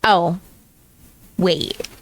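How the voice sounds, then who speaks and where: A woman's voice: lowish voice, fairly even intonation, extremely slow, a little hiss or hum. An American woman chatting casually on a livestream, rambling and laughing often as she answers chat from home. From United States. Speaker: VTuber streamer.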